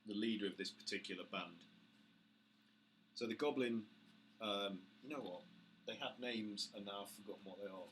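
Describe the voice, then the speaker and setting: A British man narrating as game master, halting with many fillers. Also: a bit bright. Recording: faint hiss, low-quality audio.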